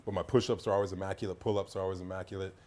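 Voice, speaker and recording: A man's voice: sits low, flat delivery, very fast, darkish tone. A Canadian-raised man chatting on a podcast, telling a long rambling story with many restarts and asides. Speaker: podcast guest. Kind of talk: casual podcast chat.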